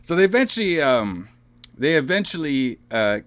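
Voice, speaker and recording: A man's voice: a little high, very animated, moderate pace, fairly bright tone. A man co-hosting a casual horror movie podcast, talking loosely and profanely, full of "bro" and "all right?". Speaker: podcast co-host.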